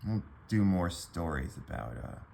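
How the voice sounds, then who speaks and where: A man with a very low voice tells a personal story to his camera in a loose, rambling way. He swears freely and stumbles through fillers and restarts. A faint hiss sits under the recording. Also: big pitch swings, unhurried, vocal fry, warm tone. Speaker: vlogger telling a personal story. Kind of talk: casual storytelling.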